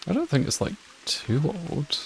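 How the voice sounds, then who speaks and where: A man's voice: on the high side, wildly swooping pitch, unhurried, gravelly, a little hiss or hum. A man streaming a game playthrough live, chatting in a rambling way with lots of fillers.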